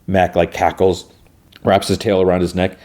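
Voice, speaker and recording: Man, podcast host, casual rambling recap, low pitch, mellow dark tone. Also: monotone, moderate pace, a little hiss or hum. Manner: rambling, full of fillers and restarts.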